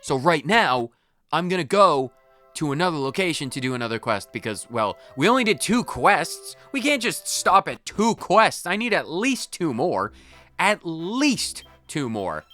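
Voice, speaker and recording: A man commenting on his own gameplay in a rambling, excitable, playful way, hopped up on caffeine. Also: a little high, normal speed, soft background music. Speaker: let's play host.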